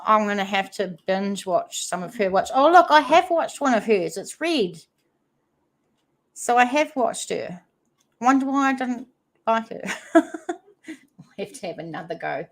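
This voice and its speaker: A woman's voice: mid-range voice, very animated, a little slow, long pauses. A woman from New Zealand with a New Zealand accent, hosting a casual livestream chat and reading viewer comments aloud. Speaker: livestream host.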